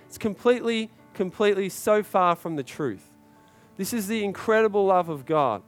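High-voiced preacher exhorting a congregation. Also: male voice, animated, normal speed, faint music behind. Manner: urgent, repetitive exhortation with rising shouted climaxes. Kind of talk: sermon.

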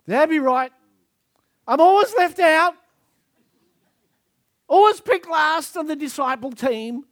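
A man acting out a sulky grown man grumbling about always being left out, his voice pushed high and loud. He whines with self-pity. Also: expressive, takes it slowly, no room sound, clean studio sound, exaggerated voice.

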